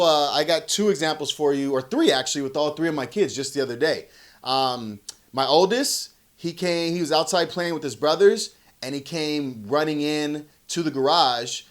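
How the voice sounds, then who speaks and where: Easygoing dad chatting casually. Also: male voice, fairly high pitch. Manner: relaxed and conversational, acts out quoted lines. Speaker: parenting vlogger. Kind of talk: casual talk to camera.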